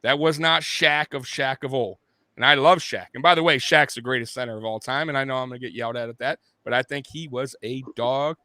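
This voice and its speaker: A man's voice: medium pitch, brisk, pushed and bright, no room sound. A man hosting a sports show, ranting bluntly and with heavy profanity, like a fired-up fan. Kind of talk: casual sports rant.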